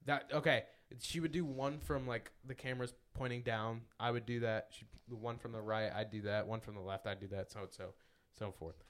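A man's voice: medium pitch, steady tone, brisk. A young man co-hosting a casual podcast, talking hesitantly and trailing off. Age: young adult. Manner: hesitant, trailing off, restarts a lot. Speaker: podcast co-host. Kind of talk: casual chat.

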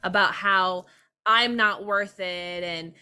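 Bright-voiced young woman opening up. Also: mid-range voice, fairly even intonation, slow, smooth. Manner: open, earnest, laughs while telling hard things. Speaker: podcast guest. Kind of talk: candid personal conversation.

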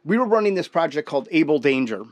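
A man talking with a loose, rambling podcast delivery, full of profanity and animated tangents. His voice sits a little high for a man, and the sound is dry and close. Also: quick pace, no echo. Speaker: podcast host. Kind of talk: casual conspiracy chat.

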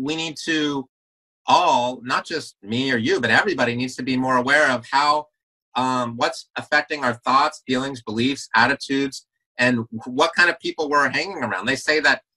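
Earnest man, bright forceful voice. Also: mid-range voice, poor audio. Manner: earnest, repeats words as he restarts. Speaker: podcast guest. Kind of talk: casual interview talk.

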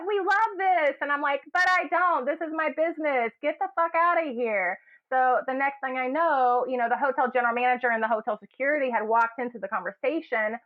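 A woman's voice: fairly high pitch, lo-fi sound. A woman from Kentucky telling a story casually, acting out the people in it with shifting voices. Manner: animated, acts out quotes in shifting voices. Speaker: guest, hotel general manager.

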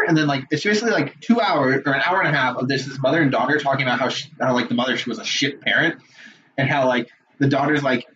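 A young man co-hosting a podcast in casual chat, animated and swearing a lot, laughing often. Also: mid-range voice, quick pace. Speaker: podcast co-host. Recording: muffled lo-fi audio with faint noise.

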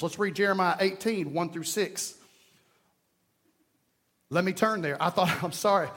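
A man's voice: sits high, moderate pace, fairly bright tone. A man with an East Texas accent preaching a sermon as pastor, emphatic and folksy, repeating key lines and telling jokes. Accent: Southern US, East Texas.

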